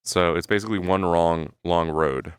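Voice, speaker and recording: This is casual live-stream chat from a man whose low-pitched, clear, resonant voice moves at a moderate pace with no echo. Thinking aloud to his chat, he rambles, swears liberally, and keeps adding "right?"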